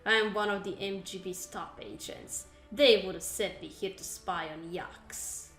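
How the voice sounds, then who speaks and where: A woman's voice: mid-range voice, unhurried, a bit bright. Woman doing a female spy, boastful, defensive, echoey room, faint music. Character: cocky female spy agent with an accent.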